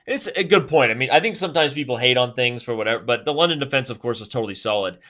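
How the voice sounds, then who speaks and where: Male chess streamer, bright, forceful voice, fast and jokey delivery. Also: mid-range voice, expressive. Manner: fast-talking, joking, chatty. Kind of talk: live chess stream commentary.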